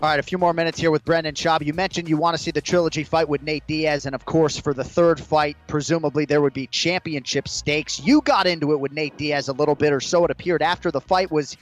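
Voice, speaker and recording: A man hosting an interview, asking brisk, scripted questions. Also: a little high, steady tone, faint music behind. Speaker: interview host.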